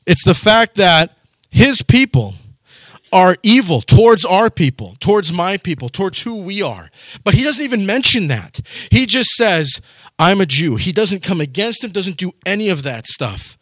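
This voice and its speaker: Animated high-voiced male preacher. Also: normal speed, no room sound, studio quality. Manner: animated, acts out quoted voices. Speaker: pastor. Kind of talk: sermon.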